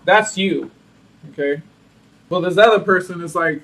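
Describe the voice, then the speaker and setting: High-voiced sassy man reading tarot. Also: a little slow, recorded from a distance, poor audio. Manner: sassy and animated, laughs often. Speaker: tarot reader. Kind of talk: casual tarot reading to camera.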